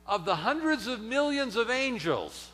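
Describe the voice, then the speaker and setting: A man preaching a sermon in a church, dramatic, swinging from loud emphasis to near-whispers. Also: very high-pitched, big pitch swings, a little slow, in a large hall. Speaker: pastor. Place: church sanctuary.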